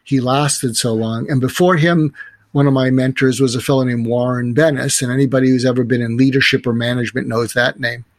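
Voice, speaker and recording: A man's voice: mid-range voice, steady tone, fairly quick, dry recording. Earnest man telling stories as a guest. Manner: earnest, reflective, advising. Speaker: podcast guest. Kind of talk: conversational storytelling.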